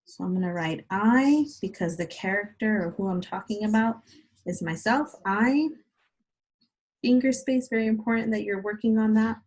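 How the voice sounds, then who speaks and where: A woman teaching kindergarteners in a video lesson, speaking slowly and patiently as she walks them through each step. Her voice sits at a middle pitch with a husky, breathy grain. She keeps an encouraging tone. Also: a little mellow, highs cut off. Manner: slow, patient, encouraging, spells out steps for small children.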